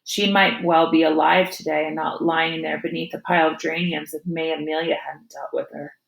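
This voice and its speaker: Woman voicing a harsh old grandmother, low and gravelly, cold and accusing, echoey room. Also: little pitch movement, a little fast.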